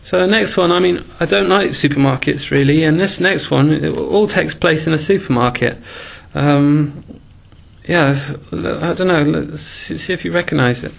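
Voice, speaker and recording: Gravelly high-voiced man rapping. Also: moderate pace. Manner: rambling, hesitant musing between rhymed verses. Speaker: comic rapper. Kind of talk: rapping dream stories in rhyme with chatty asides. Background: loud music.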